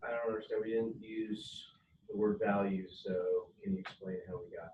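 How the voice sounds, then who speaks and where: Brief: low-voiced male student, hesitant question, distant and dull in a roomy class. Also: steady tone, moderate pace, slight background noise.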